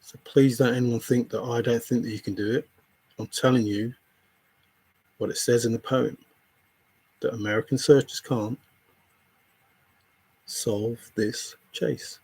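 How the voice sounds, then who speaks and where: A man's voice: mid-range voice, steady tone, moderate pace, long pauses, dark tone, slightly rough, dry recording. A man livestreaming, confronting a viewer in chat with an angry, repetitive, swearing rant.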